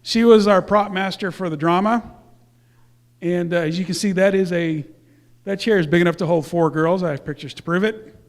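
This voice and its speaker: A man's voice: sits high, normal speed. A man speaking casually to a church congregation, presenting youth awards in a rambling way with fillers and self-corrections.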